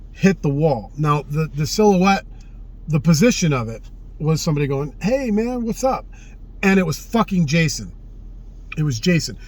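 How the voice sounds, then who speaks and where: A man telling a personal story in casual spoken style, earnest and often hushed, swearing freely and repeating phrases for emphasis. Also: on the high side. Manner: often drops to a hushed, subdued tone.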